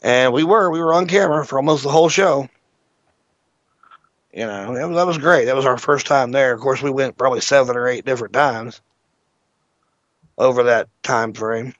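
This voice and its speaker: A man's voice: mid-range voice, normal speed, pauses often, dry recording. A man hosting an internet radio show, telling a long story casually and with plenty of swearing. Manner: profane, animated anecdote teller. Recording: dull lo-fi internet radio audio.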